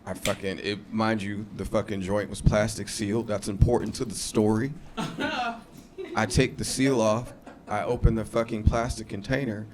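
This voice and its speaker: A man in his thirties doing a stand-up set, brash and profane, jumping into shrill high voices for punchlines. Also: level tone, moderate pace. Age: 30s. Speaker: stand-up comedian. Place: comedy club stage. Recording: live club crowd laughter. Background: audience laughing.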